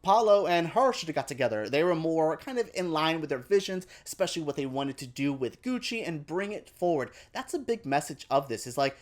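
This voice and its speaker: A man giving a casual film review to camera, chatty and animated, with quick asides and playful exaggeration. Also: a little high.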